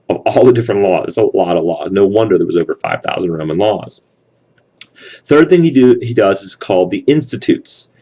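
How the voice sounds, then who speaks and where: A man's voice: low-pitched, mellow. A man teaching a history class, explaining step by step and often checking in with his students. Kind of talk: classroom lecture.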